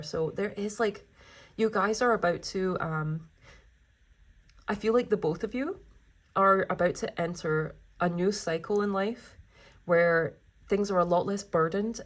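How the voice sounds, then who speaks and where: A young woman giving a pick-a-card tarot reading, gushing and emotional, rambling with many fillers. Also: on the low side. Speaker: tarot reader.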